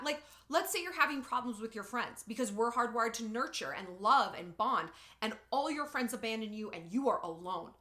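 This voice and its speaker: Woman vlogging advice, bright voice, lively and sarcastic, roomy echo. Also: fairly high pitch. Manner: animated, expressive and sarcastic. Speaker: vlogger giving relationship advice. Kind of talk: casual advice vlog.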